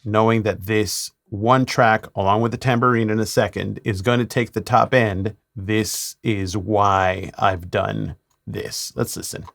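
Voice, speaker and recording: A man, a mix engineer, talking through a mixing tutorial in a relaxed way with playful asides. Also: on the low side, unhurried, vocal fry.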